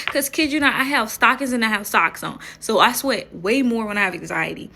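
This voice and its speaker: A young woman talks casually to camera, telling a story with animated energy. Her voice is bright and sharp with a gravelly edge, and she often laughs and swears as she goes. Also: on the high side, a little fast, hardly any pauses. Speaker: vlogger.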